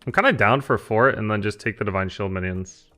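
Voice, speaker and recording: A man with a lowish, sharp-toned voice speaks briskly as he streams a card game. Thinking aloud and fielding chat questions in an explaining tone, he provides live gameplay commentary against faint lo-fi music.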